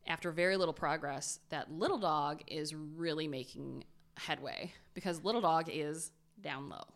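A woman casually retelling a survival story to her co-host, animated and dropping to a hush at tense moments. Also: low voice, normal speed.

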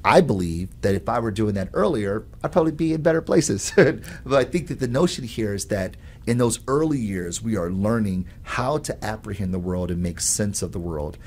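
A man who teaches at a college, explaining his ideas on learning in an animated, storytelling way and often adding "right?". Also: fairly low pitch, moderate pace, few pauses, slight background noise. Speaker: professor. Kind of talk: conversational explanation.

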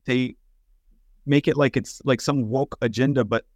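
A man's voice: medium pitch, fairly even intonation, a little mellow, no echo. A man from North Texas, a guest on a podcast, talking casually and evenly about politics with a few hesitations. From North Texas, USA. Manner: conversational, measured, some hesitations. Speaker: podcast guest, concerned parent.

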